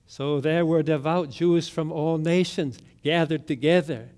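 A male preacher delivers a sermon in a church, unhurried and measured. His voice sits fairly high for a man. He tells stories and now and then bursts into loud quoted lines. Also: steady tone. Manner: storytelling with dramatic loud quotes and sung hymn lines.

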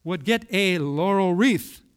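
Male preacher, high and lively pitch, dramatic storytelling sermon delivery. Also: smooth. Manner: storytelling with dramatic pauses and swings in loudness.

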